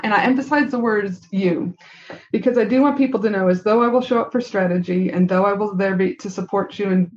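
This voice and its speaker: A woman's voice: mid-range voice, dull audio. A woman hosting a podcast as a business consultant, speaking emphatically, repeating points and adding "right?". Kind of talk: interviewer asking questions and coaching.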